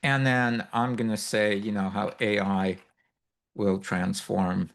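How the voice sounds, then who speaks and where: A man teaching a live workshop, walking through a software demo in a loose, explanatory way with many fillers and asides. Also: lowish voice, level tone, slow pace, creaky. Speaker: workshop instructor. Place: workshop room with a live audience.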